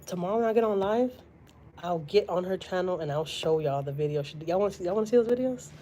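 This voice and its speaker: On a poor recording with a little hiss or hum, a fast-talking woman with a lowish, dark voice tells a story to her live-stream viewers. She's from Houston, Texas, and she keeps it chatty, packed with fillers and dramatic quotes of others.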